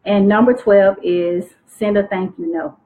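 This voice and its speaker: A woman teaching teen girls on a live stream, speaking clearly and expressively. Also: medium pitch, a little slow. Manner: clear, articulate, expressive delivery. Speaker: youth self-esteem coach. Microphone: phone livestream. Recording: tinny phone-like livestream audio.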